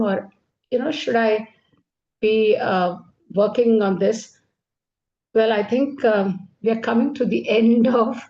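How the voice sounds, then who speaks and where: A woman hosting an online interview, asking questions in a gentle, hesitant way over a video call. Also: fairly high pitch. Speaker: interview host. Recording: muffled call audio.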